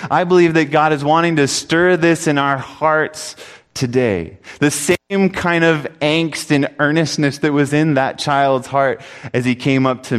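A man's voice: mid-range voice, clear, resonant tone. A man preaching a sermon, telling a story earnestly and reading scripture aloud. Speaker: pastor. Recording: long hall reverb.

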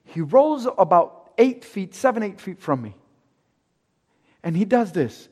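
A man with a high voice tells a personal story with drama. He acts out the dialogue and sinks into hushed tones when the tension rises. His voice carries a long reverb, as if in a big hall. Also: sing-song, a little slow, long pauses. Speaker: speaker telling a personal story.

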